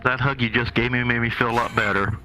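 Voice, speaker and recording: A man playing in a tabletop game, easygoing and quick to chuckle. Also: medium pitch, steady tone, sharp tone, faint music behind, low-quality recording. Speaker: player.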